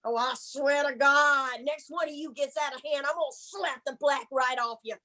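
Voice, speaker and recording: A woman's voice: high voice, moderate pace, pushed and bright. A woman comic voicing her tough, no-nonsense mother scolding her kids in a stern manner.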